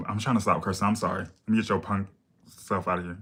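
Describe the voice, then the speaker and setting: A man's voice: low voice, steady tone, quick pace, fairly bright tone, slightly rough. A man hosting a makeup livestream, answering viewer questions in blunt, sassy casual chat.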